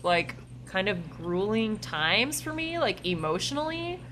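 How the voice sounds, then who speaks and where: A woman's voice: medium pitch, very animated, measured pace, a bit bright, a little hiss or hum. A young woman co-hosting a casual spiritual podcast, talking loosely with frequent laughter and fillers. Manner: laughs often, many fillers. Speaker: podcast co-host.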